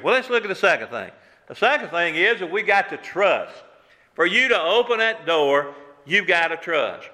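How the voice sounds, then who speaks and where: A man's voice: a little high, sharp tone, big-room sound. A man preaching a sermon as pastor, earnest and repetitive, with many rhetorical questions.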